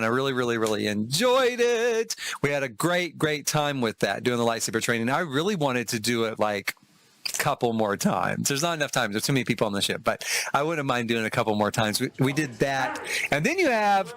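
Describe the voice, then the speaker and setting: A middle-aged man talks through his trip in a relaxed, chatty vlog. His voice sits a little high and moves a lot, and it is recorded close and dry, with little room sound. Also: no room sound. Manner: chatty and enthusiastic, laughs often. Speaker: travel vlogger. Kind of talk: casual review monologue.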